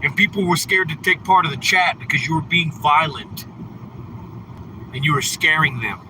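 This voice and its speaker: A man's voice: fairly high pitch, normal speed, background noise. A man livestreaming from a car, teasing and scolding viewers in his chat in casual talk. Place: in a car on a snowy road.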